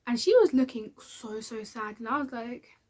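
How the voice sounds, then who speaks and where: A woman's voice: on the high side, lively intonation, normal speed, darkish tone. A woman telling a candid personal story to camera in a chatty, casual way. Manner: chatty and candid, with many fillers. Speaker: vlogger.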